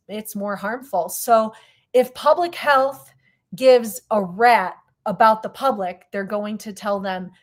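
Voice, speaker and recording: A woman guest co-host in casual podcast chat, blunt and candid, with many fillers and restarts. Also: a little high.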